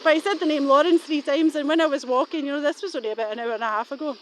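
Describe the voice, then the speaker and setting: A woman's voice: sits high, fairly even intonation, racing, slight background noise. A middle-aged woman, rambling suspiciously and swearing casually while she talks walking outdoors. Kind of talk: rambling walking vlog monologue.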